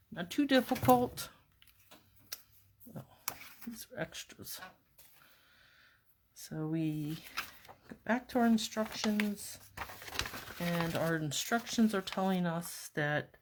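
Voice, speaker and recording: A woman calmly narrating a card-making tutorial step by step, talking herself through each task as she works at her craft table. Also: medium pitch, a little hiss or hum. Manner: calm, step-by-step, talks to herself while working. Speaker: papercraft demonstrator.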